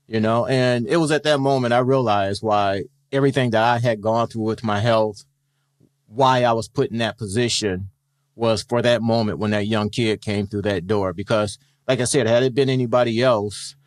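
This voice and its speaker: With a fairly low-pitched voice and studio-quality audio free of room sound, a middle-aged man who used to be a police officer spins stories during a relaxed interview. He's an animated storyteller, performing the quoted dialogue himself.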